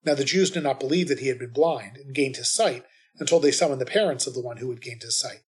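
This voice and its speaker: A man reading the responsorial psalm and scripture readings at Mass in a measured, steady way. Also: medium pitch.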